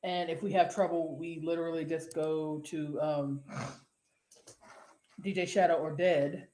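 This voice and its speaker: A woman's voice: sits low, fairly even intonation, measured pace, mellow, roomy sound. Blunt, foul-mouthed woman podcast host. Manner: blunt, swears freely, exclaims. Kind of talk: casual podcast chat.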